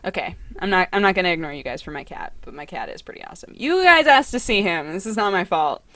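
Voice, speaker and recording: A young woman chats to her livestream audience from home. Her voice is lively and bounces up and down in pitch, and she gets excitable. The sound is dry and close, with no room around it. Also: fast talker, no echo. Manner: chatty and excitable, squeals when excited, coos at her cat. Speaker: livestream host. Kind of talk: casual livestream chat.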